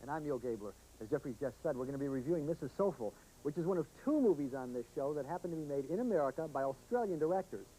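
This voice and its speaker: Brisk, fast-talking male film critic. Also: on the high side, lively intonation, mellow, slight background noise, low-quality recording. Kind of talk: scripted TV review.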